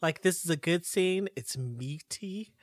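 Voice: medium pitch, lively intonation, unhurried, dry recording, studio quality. A co-host talking through a show recap in casual chat, rambling and joking. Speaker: podcast co-host.

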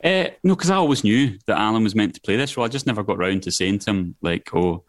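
A middle-aged man with a Scottish accent talks at a rapid clip, and his voice leaps higher when he gets worked up. His lower-pitched voice sounds close and dry, with no room around it. He is a guest in a casual podcast chat. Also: no echo. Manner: animated and emphatic, with sudden jumps in pitch. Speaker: filmmaker guest.

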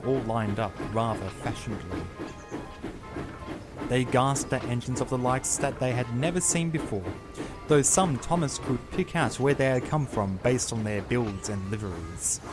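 A man reading a children's story aloud as narrator, in a steady, expressive voice. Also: mid-range voice. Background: background music.

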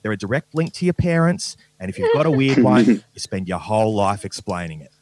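A man's voice: on the low side, expressive, brisk, crowd noise. A man, doing a self-mocking stand-up comedy set with a dry delivery. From Australia.

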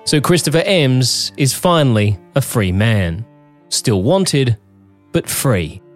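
A man narrating a documentary in a measured, scripted way. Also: medium pitch, big pitch swings, faint music behind. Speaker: documentary host.

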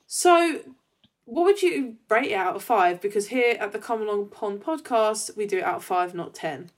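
A woman's voice: medium pitch, expressive, normal speed. Cheerful woman co-hosting. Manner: cheerful, emphatic, swears casually. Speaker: podcast co-host. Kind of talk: casual chat.

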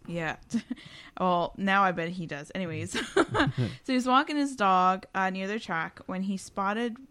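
A woman's voice: mid-range voice, lively intonation, measured pace, a bit bright, smooth, no echo. A woman co-hosting a podcast at home with the windows open, telling stories in a chatty, casual way and laughing often. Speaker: podcast co-host. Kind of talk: casual storytelling chat.

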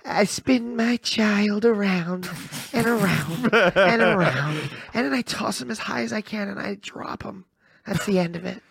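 A man putting on an unhinged, flirty female pop star who is a reckless mother, giggly and mock-innocent with a breathy, gravelly voice. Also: sits high, unhurried, a bit bright, dry recording, studio quality, full character voice. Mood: manic innocent. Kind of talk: comedy podcast impression.

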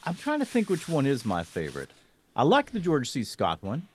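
A man's voice: mid-range voice, wildly swooping pitch, fairly quick, a little hiss or hum. A man co-hosting a podcast in casual chat, tender-hearted and easily moved. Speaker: podcast co-host.

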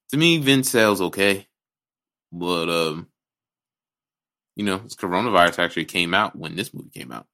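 A man's voice: fairly low pitch, sharp tone. A man co-hosting a podcast in casual chat, ranting and joking with lots of swearing. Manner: ranting, profane, jokey. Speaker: podcast co-host.

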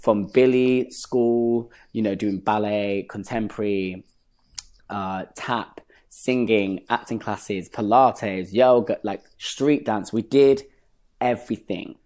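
A young man, a guest telling stories in a casual interview, animated and quick to act out what people said. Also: fairly low pitch. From northern England. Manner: animated, acts out quoted voices, laughs often. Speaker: guest, stage performer.

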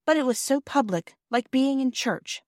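A woman gives voice to an earnest, thoughtful young girl in a storybook reading. The voice is lifted a little and spoken slowly. The audio is dry and close. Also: high voice, animated, darkish tone, dry recording, voice pushed up.

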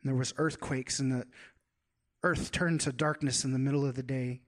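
A man's voice: medium pitch, steady tone, moderate pace. A pastor gives a conversational sermon, asking his listeners rhetorical questions as he searches for his words.

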